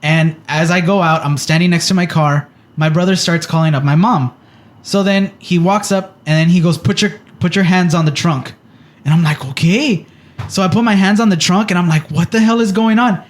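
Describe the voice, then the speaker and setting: A man's voice: high voice, moderate pace. A man co-hosting a podcast, telling a story in casual chat and acting out the quotes with animation. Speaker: podcast co-host.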